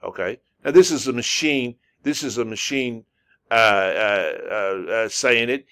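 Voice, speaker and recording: Man teaching, repeating syllables slowly. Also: medium pitch, a bit bright, smooth. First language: English. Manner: repetitive, drawn-out demonstrations of syllables with frequent fillers. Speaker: language teacher. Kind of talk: casual spoken lesson.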